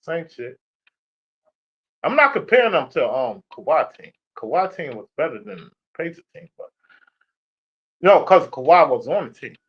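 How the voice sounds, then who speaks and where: Animated, trash-talking man on lo-fi audio. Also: on the high side, normal speed, pauses often, slightly rough. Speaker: sports streamer. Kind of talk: casual sports rant. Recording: dull lo-fi stream audio.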